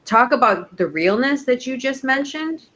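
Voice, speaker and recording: A woman's voice: high-pitched, animated, normal speed, fairly bright tone. A woman co-hosting a casual chat show, talking enthusiastically and personally. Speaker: co-host. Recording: dull lo-fi audio.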